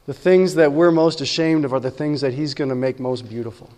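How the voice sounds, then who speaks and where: A man's voice: medium pitch, fairly quick, darkish tone, big-room sound. A man preaching a sermon as pastor, talking conversationally and often asking his listeners "right?".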